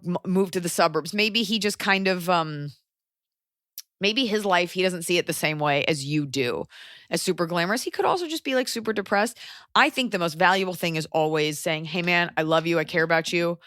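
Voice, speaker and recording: A woman in her forties hosting a podcast, giving blunt advice in a casual chat, animated and quick with asides and swearing. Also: on the low side, dry recording, studio quality. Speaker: podcast host.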